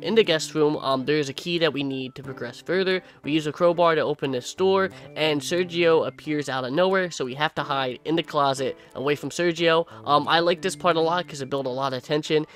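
A young man narrating his horror game playthrough, casually and with fillers, and goofing off taunting a game monster. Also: a little high. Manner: laid-back narration with fillers. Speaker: gaming YouTuber. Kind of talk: let's play commentary with voice-over. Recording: loud game music behind.

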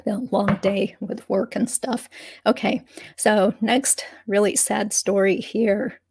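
A woman lawyer talks through legal news on her vlog, hoarse, with a gravelly, husky edge to her voice. Her tone sits dark and mellow, and the sound is dry and close. She speaks in an easy, conversational way, full of fillers and asides. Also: mid-range voice, fairly even intonation, slow, no echo. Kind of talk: casual legal commentary vlog.

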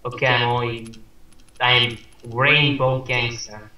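A man's voice: medium pitch, little pitch movement, slow pace, sharp tone. A young man joking dryly with a friend while they play a game. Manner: dry, joking banter. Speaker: gamer. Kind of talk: casual gameplay commentary. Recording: echoey room.

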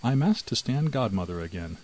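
A man voicing a greedy, sly female house cat in a storybook reading, with a cool, smooth manner. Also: medium pitch, big pitch swings, brisk, a little mellow, rough recording.

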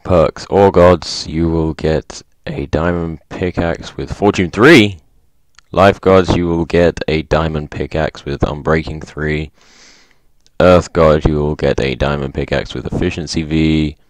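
Low-voiced excitable gaming man. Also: unhurried, dry recording. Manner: excitable, reads in-game signs aloud, laughs often. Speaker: gaming video host. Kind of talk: casual gameplay commentary.

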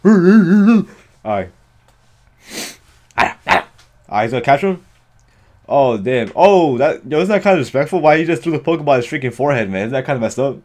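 Male reaction host, mid-pitched, excitable, slangy, swears freely, live commentary. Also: rapid-fire. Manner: excitable, slangy, swears often, frequent exclamations.

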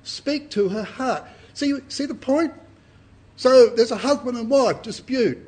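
A man's voice: very high voice, measured pace, a little mellow, breathy edge. An older man, giving an earnest, emphatic Bible sermon to a congregation and often repeating his words. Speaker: Bible speaker.

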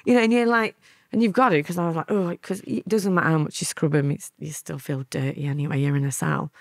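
A woman's voice: low-pitched, steady tone, fast, dry recording, studio quality. A woman in her fifties with a Lancashire accent, telling her life story as a guest in a candid interview, chatty and laughing often. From England. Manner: chatty, laughing, acts out quotes.

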